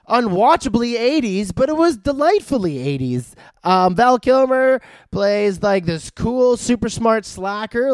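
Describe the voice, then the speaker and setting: A man's voice: extremely high pitch, no echo, studio quality. A man from Canada gives a casual, rambling movie review. He uses lots of fillers and swears in passing. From Vancouver, Canada.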